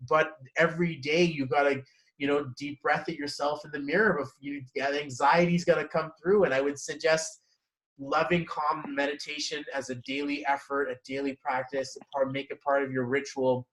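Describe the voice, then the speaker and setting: A man giving a casual one-on-one numerology reading, animated and quick to laugh. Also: fairly high pitch, low-quality recording. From Canada. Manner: animated, laughs often, acts out inner voices. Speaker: numerology consultant.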